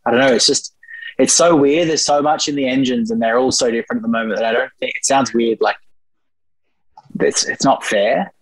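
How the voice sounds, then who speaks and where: A man's voice: mid-range voice, steady tone, a little fast. A man in casual podcast talk with an ordinary mid-range voice. He hedges and restarts often. The sound is dry with no room echo. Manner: hesitant, restarts and hedges a lot. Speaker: podcast co-host.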